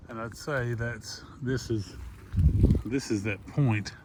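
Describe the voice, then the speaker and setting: A man's voice: medium pitch, takes it slowly. A man, filming outdoors on a phone as he climbs a hill, rambling in a folksy way about the landmarks below and a bit out of breath. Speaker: hiker filming his walk. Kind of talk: casual handheld vlog narration. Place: outdoors on a hillside. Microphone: phone held by the speaker. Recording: outdoor phone recording with noise.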